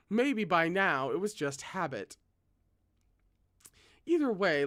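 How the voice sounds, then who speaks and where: Read-aloud narrator, expressive, chatty asides, mid pitch, dry close sound. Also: no echo. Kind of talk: reading a novel aloud with asides.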